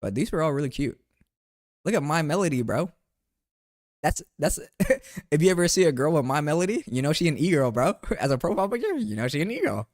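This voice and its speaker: Young male streamer, casual rambling recap, animated pitch, dry close sound. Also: a little fast, no room sound. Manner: rambling, playful, calls viewers bro. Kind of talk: casual chat over photos.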